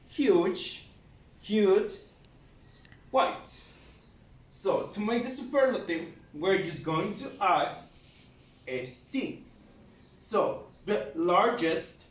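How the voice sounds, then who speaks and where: A man teaching an English grammar lesson, slow and patient, spelling out letters one by one. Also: high voice. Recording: echoey room, mic at a distance.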